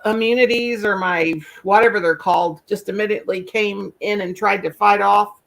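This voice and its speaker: A woman's voice: mid-range voice, fairly even intonation, vocal fry, fairly bright tone. A woman hosting a live stream, chatting casually and telling a rambling story. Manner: rambling storyteller, quick asides, folksy. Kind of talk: casual chat.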